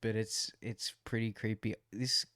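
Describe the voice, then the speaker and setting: A man's voice: lowish voice, level tone, measured pace, crowd noise. A man co-hosting a podcast, chatting casually, laid-back, swearing and joking. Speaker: podcast co-host. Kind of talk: casual chat.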